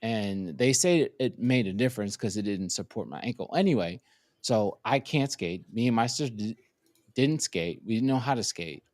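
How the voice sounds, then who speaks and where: A man's voice: fairly low pitch, expressive, normal speed, a little mellow, dry recording. A man tells stories in a loose, profane way, acting out the voices of the people he quotes. His recording is close and dry, with no room sound around it. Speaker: podcast co-host. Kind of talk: casual chat, storytelling.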